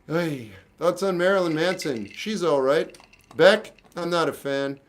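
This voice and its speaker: A man's voice: a little high, lively intonation, a little slow. A man casually answering chat comments on a livestream with dry, jokey, offhand replies.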